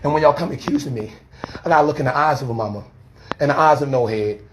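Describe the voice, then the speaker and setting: A man, a street preacher arguing defensively outdoors by a church, talking fast and repeating himself, filmed on a handheld phone. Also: medium pitch, a little hiss or hum. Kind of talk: heated confrontational street talk. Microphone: handheld phone camera.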